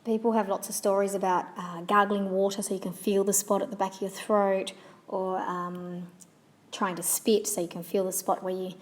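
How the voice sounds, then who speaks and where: A woman's voice: medium pitch, level tone, normal speed. Patient woman teaching French sounds. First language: English. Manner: patient, clear demonstrations with repeated example words. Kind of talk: instructional lesson.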